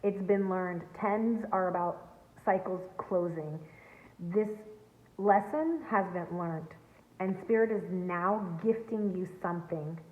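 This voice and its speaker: A woman's voice: lowish voice, fairly even intonation, slow. A woman giving an earnest, emphatic tarot reading to her viewers from home. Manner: earnest, emphatic, spiritual coaching tone. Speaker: tarot reader. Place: home, near a backyard. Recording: echoey, tinny phone-like sound.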